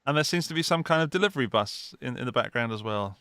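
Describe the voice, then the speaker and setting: Smooth-voiced chatty man, dry close mic. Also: mid-range voice, lively intonation, fast, bright, forceful tone, dry recording. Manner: chatty, enthusiastic. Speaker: podcast co-host. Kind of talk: casual chat. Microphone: studio podcast mic.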